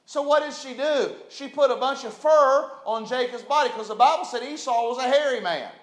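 A pastor preaches to his congregation, moving from quiet, steady talk to sudden loud swells. He is a man with a very high voice. The sound rings around an echoey church room. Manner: preaching with call-and-response, dramatic swells. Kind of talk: sermon. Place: church sanctuary.

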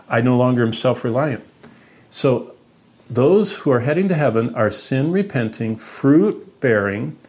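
Earnest and instructive, this man preaches as pastor, giving his voice spirited swings between high and low and between loud and quiet.

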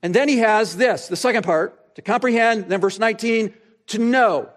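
A male pastor preaching a sermon, asking rhetorical questions and pausing for effect, slowing down to stress key phrases. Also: sits high. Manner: expository preaching, rhetorical questions, dramatic pauses.

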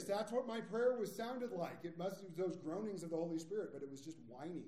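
A man in his forties preaching a sermon as pastor, telling a personal story in a conversational way with quick acted quotes. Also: high voice, mellow, roomy sound. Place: church sanctuary.

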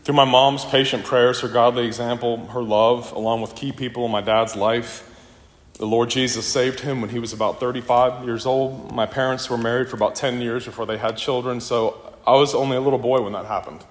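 A middle-aged man stands at the front of a church and gives a funeral eulogy. His voice sits at an ordinary pitch and rings through a large hall with a long, roomy reverb. He tells family stories in a reflective way. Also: steady tone, fairly quick, slight background noise. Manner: reflective storytelling, with warm anecdotes. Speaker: son giving a eulogy.

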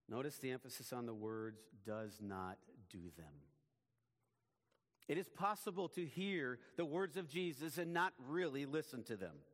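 A man preaching a sermon as pastor, in a measured, emphatic way, his phrases often falling away at the ends. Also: medium pitch, big-room sound.

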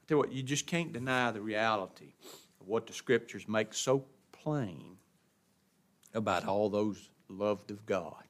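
A man preaching a sermon, asking rhetorical questions and answering them, swinging from hushed drops to emphatic bursts. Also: lowish voice, measured pace.

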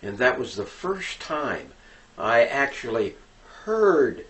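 A man teaching how to preach in a deliberate, earnest manner, pausing often with fillers as he explains. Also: medium pitch, big pitch swings, fairly bright tone. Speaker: preaching instructor. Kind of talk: instructional talk on preaching. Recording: voice distant from the microphone.

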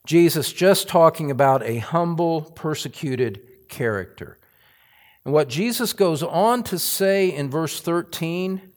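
A male pastor preaching a sermon, building to emphatic, forceful stress on key lines. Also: a little high, lively intonation, measured pace. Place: church sanctuary.

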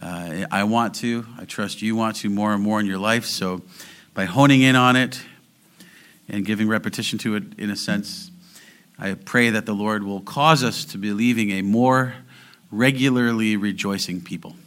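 Middle-aged male pastor, bright and forceful tone, chatty sermon delivery with bursts of sung scripture. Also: fairly low pitch, steady tone, normal speed. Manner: breaks into singing the verse; chatty and joking with the congregation.

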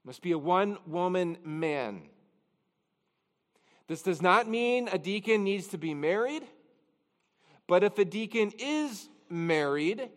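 A man's voice: high voice, big-room sound. A man pastor preaching a conversational expository sermon, with chatty, self-deprecating asides. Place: church sanctuary.

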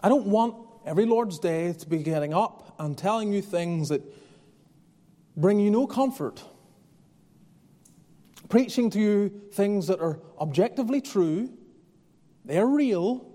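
A man's voice: high-pitched, lively intonation, unhurried, long pauses, warm tone, in a large hall. A man preaching a sermon as pastor, earnest and conversational, often restarting his phrases. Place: church.

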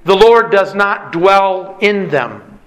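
A man's voice: high-pitched, lively intonation, drawn-out words, poor audio. A man preaching a sermon with an emphatic, repetitive cadence. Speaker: pastor.

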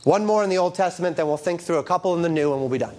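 A man preaching a sermon, reading King James scripture aloud and explaining it verse by verse with emphatic rises and drops. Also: very fast. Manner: emphatic, lively rises and drops in pitch and volume.

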